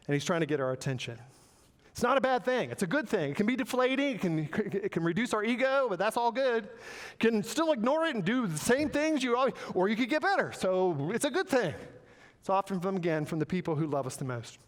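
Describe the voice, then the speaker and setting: A man preaching a sermon, animated and playful, acting out quoted voices with joking asides. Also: sits high, a little fast, in a large hall. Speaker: pastor. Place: church sanctuary.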